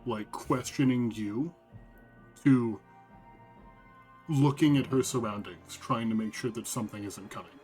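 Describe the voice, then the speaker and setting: A man narrating as game master of a tabletop game, describing scenes in a slow, halting way. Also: mid-range voice, darkish tone, faint music behind.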